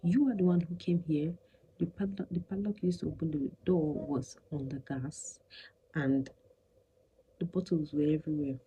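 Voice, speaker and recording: Brief: woman, 30s, vlogger, low mellow voice, lively storytelling with whispered asides. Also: moderate pace, highs cut off, a little hiss or hum. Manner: animated, drops into whispers for emphasis. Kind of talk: personal storytelling.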